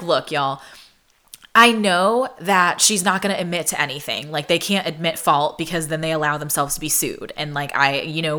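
A young adult woman vlogger telling a personal story in a chatty, casual monologue, often using "like". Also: sits low. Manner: chatty, frequent "like", animated retelling.

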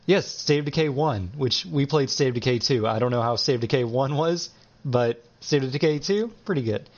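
A man co-hosting a casual gaming podcast, relaxed and keeping the talk moving. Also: medium pitch, brisk. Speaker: podcast co-host. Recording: dull lo-fi sound.

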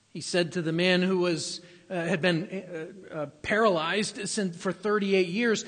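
Guy preaching a sermon, kinda high husky voice, chatty but punchy, big reverby church. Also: steady tone, measured pace, few pauses, fairly bright tone. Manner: conversational, emphatic repetitions, some stumbles. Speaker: pastor. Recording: long hall reverb.

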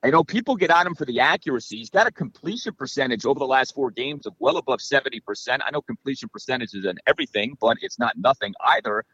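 Male guest analyst, chatty and lively, dry and slightly muffled recording. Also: mid-range voice, fast talker, few pauses, husky, no room sound. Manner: animated, analytical, many fillers. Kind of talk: casual podcast chat.

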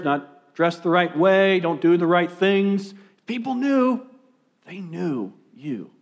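A young adult man preaching a sermon as pastor, animated and swinging between loud emphasis and hushed asides. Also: a little high.

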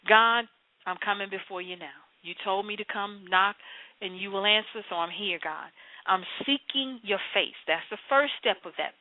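A woman preaching an impassioned sermon, slowing down to plead in prayer. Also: medium pitch, no room sound. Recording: tinny phone-like sound, dry.

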